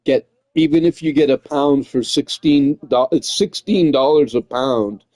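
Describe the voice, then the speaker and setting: A man's voice: medium pitch, measured pace, darkish tone, dry recording, studio quality. A man chatting casually while streaming, rambling and swearing, often tossing in "man" and "dude". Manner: rambling, profane, says "man" and "dude" a lot. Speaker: gaming streamer.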